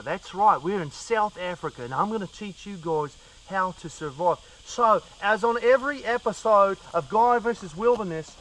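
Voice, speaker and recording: A man's voice: high voice, a bit bright, recorded from a distance, poor audio. A young man hosting a parody survival show outdoors, hamming up fake-dramatic enthusiasm in a mock-serious presenter manner. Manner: over-earnest, fake-dramatic enthusiasm about silly gear.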